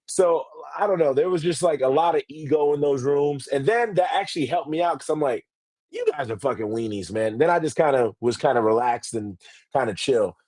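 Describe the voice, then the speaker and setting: Guy on a podcast telling a story, kinda high voice, swears a lot, acts out the quotes, dry close mic. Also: a little fast, a little mellow, dry recording. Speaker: interviewer for a grappling promotion.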